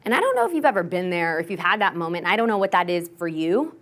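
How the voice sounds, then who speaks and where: A young woman from Texas gives a candid, animated keynote story. She leans heavily on "like" and acts out the voices she quotes. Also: lowish voice, fast talker. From Texas, USA. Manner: candid and self-mocking. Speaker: motivational keynote speaker. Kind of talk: personal storytelling talk.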